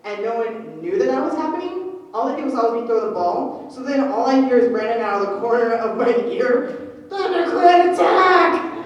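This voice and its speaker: A young woman telling a comedic story on a convention panel, animated and swearing as she acts out voices. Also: fairly high pitch, fairly quick, dull audio. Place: large echoey convention hall. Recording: echoey hall from far off.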